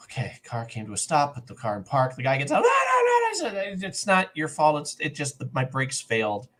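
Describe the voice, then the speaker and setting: A middle-aged man co-hosting a podcast tells a long personal story in a casual way, voicing the other people's lines as he goes. His voice sits in the mid range, a bit bright, with a sing-song lilt at a normal speed.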